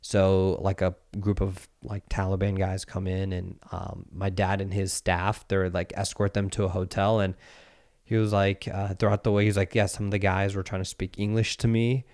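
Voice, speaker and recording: A podcast host in his thirties tells a story casually, his low voice moving at a moderate pace. He acts out what people said with lively impressions and throws in some swearing.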